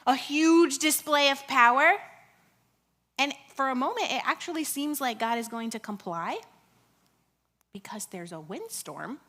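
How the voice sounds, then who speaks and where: A woman preaches with real animation. Her voice sits a little high and rings bright. She tells the story with laughs along the way and puts on the voices of the people in it. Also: a little slow, long pauses. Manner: animated, acts out quotes, laughs often. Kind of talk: lively sermon storytelling. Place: church.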